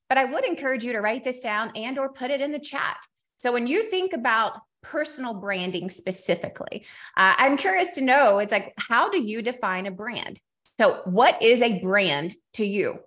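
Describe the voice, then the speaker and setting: Energetic woman giving a webinar talk. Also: a little high. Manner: energetic, storytelling, laughs often. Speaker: keynote speaker and company CEO. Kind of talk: webinar presentation with slides.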